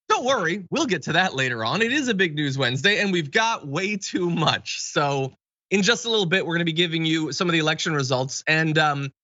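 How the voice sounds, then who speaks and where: A man's voice: sits high, pushed and bright, no room sound, lo-fi sound. A man hosting a live political news show, delivering the stories with dry, sarcastic commentary. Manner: sarcastic, wry and quick. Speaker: news talk show host.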